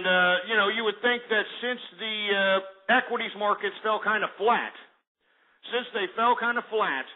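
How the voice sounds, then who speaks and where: A man from Texas hosting a talk radio show, rambling in a folksy, blunt way with mild swearing. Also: sits high. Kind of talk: casual talk radio monologue. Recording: tinny phone-like radio audio.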